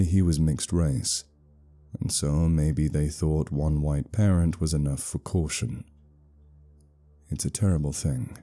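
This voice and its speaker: A man telling a first-person horror story in a measured, somber storytelling voice. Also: rumbling low, dark tone. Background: faint music.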